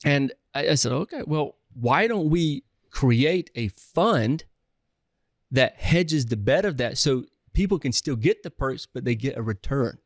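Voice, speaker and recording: A Southern man talks through his stories in a casual interview, full of restarts and fillers. His voice sits at an ordinary middle pitch, and the sound is close and dry with no room echo. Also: a little slow. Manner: energetic, rambling with restarts and filler. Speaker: guest, real estate investor.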